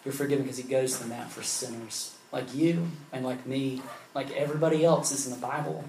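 A man preaching a sermon in a relaxed, conversational way, telling a story with many casual fillers. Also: medium pitch, brisk, reverberant, a little hiss or hum, rough recording. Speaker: pastor.

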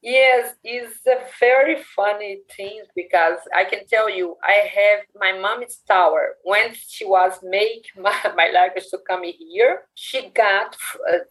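A Brazilian woman in her forties speaking English with a Brazilian Portuguese accent, telling family stories in a casual interview, lively and quick to laugh. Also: mid-range voice, poor audio. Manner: animated, laughs often, acts out family dialogue.

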